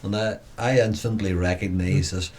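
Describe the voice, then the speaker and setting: Low-voiced Northern Irish man telling stories. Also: fairly even intonation, moderate pace, a little mellow. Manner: storytelling, acts out quoted voices. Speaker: brother reminiscing on radio. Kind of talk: casual reminiscing.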